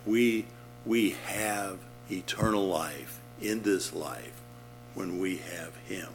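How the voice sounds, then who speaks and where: A man's voice: low voice, slow, faint music behind. A man preaching a sermon, explaining Greek words and pressing his points with emphatic repetition.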